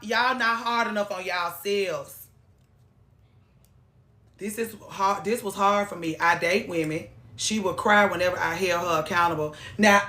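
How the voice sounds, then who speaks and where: A woman giving blunt, profane, animated relationship advice on a live stream. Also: medium pitch, roomy sound.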